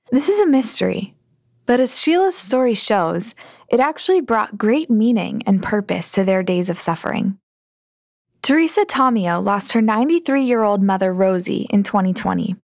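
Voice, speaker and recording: A woman host narrates scripted links in a gentle, earnest read. Her pitch sits in the middle for a woman. The recording is dry and close, with no room sound. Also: no room sound.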